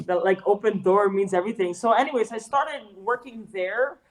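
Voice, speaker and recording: A young woman from Canada talks through a relaxed interview. She uses loose street slang, many fillers and casual swearing. Her voice sits at an ordinary middle pitch. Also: moderate pace, poor audio. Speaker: guest, fitness trainer and artist.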